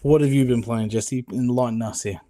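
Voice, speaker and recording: A young man co-hosting a casual podcast chat, telling stories in an animated, swearing way. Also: medium pitch, normal speed, no echo, clean studio sound. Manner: profane, animated storyteller. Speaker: podcast co-host. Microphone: podcast mic.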